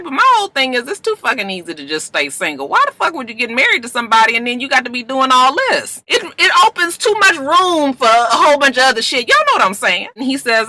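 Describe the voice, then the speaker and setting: A woman casually recapping a TV episode in a vlog, animated and profane, acting out the characters' lines. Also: fairly high pitch, fast, few pauses. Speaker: TV episode reviewer.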